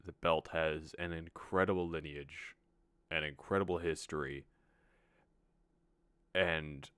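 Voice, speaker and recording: Very deep-voiced man streaming a game. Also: pushed and bright, clean tone, no echo. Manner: earnest, reflective. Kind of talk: casual gameplay commentary.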